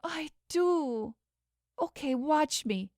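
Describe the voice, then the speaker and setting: A woman's voice: lively intonation, drawn-out words, a little mellow, dry recording, studio quality, full character voice. A woman voicing a distraught young female investigator who pleads through tears, audiobook style. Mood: pleading. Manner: pleading, tearful, high-pitched.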